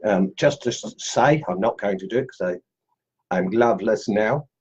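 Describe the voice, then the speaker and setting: Male host, rambling and joking, husky voice, slightly muffled lo-fi sound. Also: on the low side, normal speed, darkish tone. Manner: chatty, jokey, rambling with many fillers. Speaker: host of a carving group livestream. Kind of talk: casual livestream chat.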